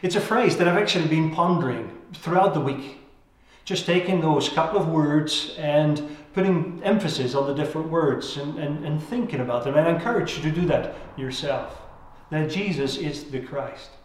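A man's voice: on the high side, moderate pace. A man preaching a sermon, earnest and reflective, letting his voice sink at the end of key phrases. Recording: very echoey room.

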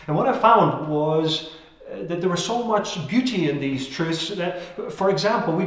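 A man delivers a sermon in an earnest, reflective way. His voice sits a little high for a man and sinks at the end of each key phrase. The sound rings out with heavy echo from the room. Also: expressive, measured pace, a bit bright. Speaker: preacher. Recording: very echoey room.

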